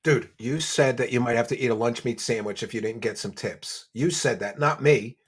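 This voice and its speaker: A man hosting a commentary show, ranting and mocking, swinging between low muttering and loud shouting. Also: moderate pace, slightly rough.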